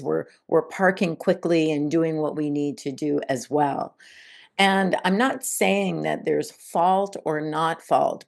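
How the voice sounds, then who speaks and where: Gravelly-voiced woman hosting a calm podcast. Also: sits low. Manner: gentle, reflective storytelling. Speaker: podcast host. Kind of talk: spiritual self-help podcast talk.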